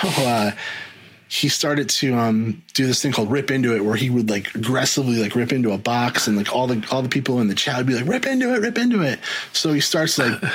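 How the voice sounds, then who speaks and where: A man's voice: mid-range voice, a bit bright, breathy edge, rough recording. A middle-aged man talking casually as a podcast guest, rambling with many ums and restarts. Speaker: guest, video editor.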